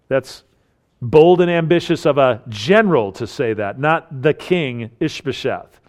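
A man teaching through a Bible passage, explaining its culture and acting out the quoted lines with rising emphasis. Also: measured pace. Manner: animated, acts out quoted lines with rising pitch and force. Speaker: preacher.

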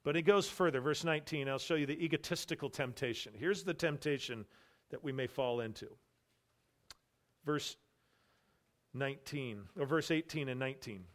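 A man's voice: medium pitch, normal speed, pauses often, fairly bright tone. A male pastor preaching an expository sermon, emphatic and repeating his key phrases. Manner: emphatic, repeats key phrases, voices imagined boastful believers.

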